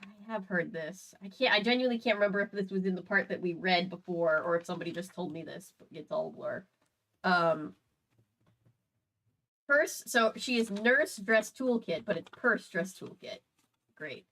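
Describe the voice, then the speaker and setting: A woman's voice: mid-range voice, normal speed, fairly bright tone, low-quality recording. A woman from the US South hosting a podcast, reading a novel aloud and breaking off for chatty, sarcastic asides. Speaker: podcast host.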